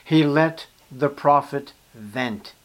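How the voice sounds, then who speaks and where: A man's voice: medium pitch, slow pace. A man preaching a sermon, speaking emphatically and addressing his listeners directly.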